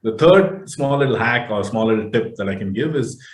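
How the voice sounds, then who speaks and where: A man's voice: mid-range voice, expressive, moderate pace, reverberant. A man speaking as an interview guest, explaining health advice at length with many fillers and restarts. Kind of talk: casual interview talk.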